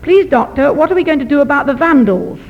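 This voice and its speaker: A man's voice: very high-pitched, big pitch swings, fast, gravelly, big-room sound, lo-fi sound, heavily acted. A woman voicing an earnest young student man. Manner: earnest, persistent.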